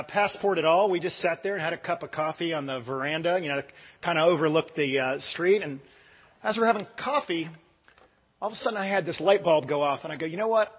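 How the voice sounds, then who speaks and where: A man's voice: fairly high pitch, in a large hall, lo-fi sound. A middle-aged American man preaching a casual sermon, telling stories in a chatty way with many fillers and restarts. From United States. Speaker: pastor.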